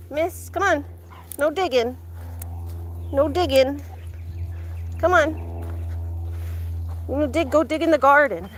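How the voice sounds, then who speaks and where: A woman's voice: high-pitched, moderate pace, pauses often. A woman livestreaming outdoors with a phone on a tripod, chatting and baby-talking to her animals. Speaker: vlogger with pets. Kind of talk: casual livestream chat.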